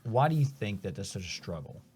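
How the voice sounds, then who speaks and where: A man's voice: fairly low pitch, sing-song, brisk, a little mellow, a little hiss or hum. A man hosting a casual faith discussion, earnest and reflective, often restarting his sentences.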